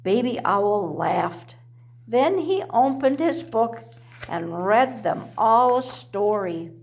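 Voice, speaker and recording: A woman reading a children's picture book aloud, unhurried and sing-song, with her voice sitting slightly high. She breaks off now and then for chatty asides about the pictures. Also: lively intonation, darkish tone. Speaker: storyteller.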